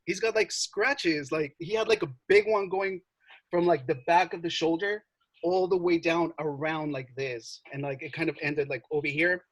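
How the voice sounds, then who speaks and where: A young man telling a story in casual chat, animated, swearing and full of filler words. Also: fairly high pitch, moderate pace, low-quality recording. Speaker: podcast co-host.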